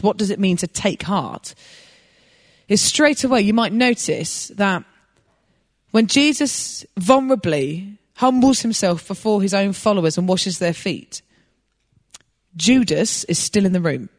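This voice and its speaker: A woman preaching a sermon, telling a personal story in an animated way and laughing as she goes. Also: medium pitch, measured pace, long reverb tail.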